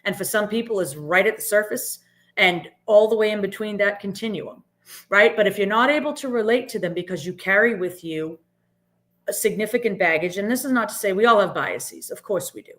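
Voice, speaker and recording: A middle-aged woman speaks in an earnest, emphatic way as a podcast guest. She often ends her points with "right?". Her voice sits at an ordinary middle pitch. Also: brisk, a bit bright. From Boston area, US. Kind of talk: reflective interview talk.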